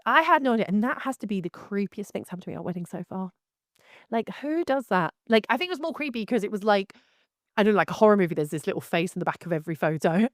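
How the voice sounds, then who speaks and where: A woman wedding photographer telling a story and ranting to camera in a lively, exclaiming way. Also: mid-range voice, dry recording, clean studio sound. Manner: animated, exclaiming, laughs through the story. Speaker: wedding photographer, channel host. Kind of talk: casual storytelling and rant to camera.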